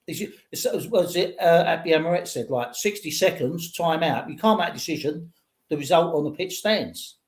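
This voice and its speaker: A man's voice: on the high side, expressive, normal speed. An older man, a podcast host giving rambling, opinionated football talk. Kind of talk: casual football chat.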